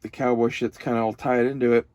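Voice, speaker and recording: Young guy rambling and swearing a lot, dry close sound, pitch about average. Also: level tone, fast, darkish tone, no room sound. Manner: profane, meandering, emotional. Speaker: vlogger. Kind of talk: casual rambling monologue.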